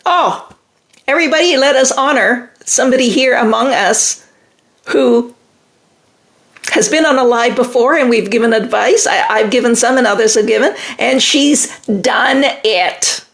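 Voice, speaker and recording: A woman's voice: on the high side, unhurried, fairly bright tone. A middle-aged woman hosting a live relationship-advice stream, reading viewer comments aloud and answering in an emphatic, reassuring way.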